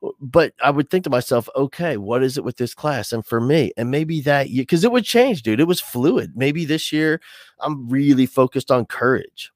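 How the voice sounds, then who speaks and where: A man's voice: mid-range voice, moderate pace, dry recording, clean studio sound. A middle-aged man, an educator as podcast guest, talking casually and animatedly, with many restarts. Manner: animated, restless, full of restarts.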